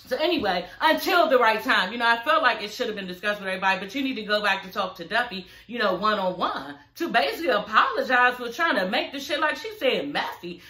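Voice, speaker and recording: A woman's voice: on the high side, pushed and bright, reverberant. A young adult woman recapping a reality show in a blunt, sassy, profane way, laughing often as she rants. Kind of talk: casual recap rant.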